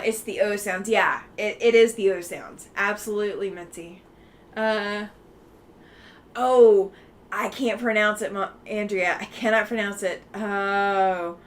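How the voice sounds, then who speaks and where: A woman's voice: medium pitch, a little hiss or hum. A woman from Alabama hosts a casual livestream, reading chat aloud in a chatty, friendly way with many ums and easy laughs. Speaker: livestream host.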